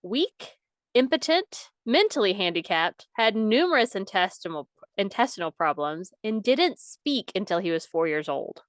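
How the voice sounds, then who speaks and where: A young adult woman co-hosts a podcast, chatting casually, cursing freely, and dropping "like" constantly. Her mid-range voice has a sing-song quality at normal speed, recorded dry.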